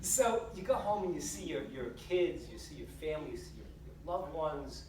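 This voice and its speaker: A woman rabbi giving a lively spiritual talk to a live audience, full of rhetorical questions and stories. Her pitch rises and falls with animation. She sounds distant, in an echoing hall. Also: moderate pace, background noise. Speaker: rabbi speaker. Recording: roomy hall, distant mic.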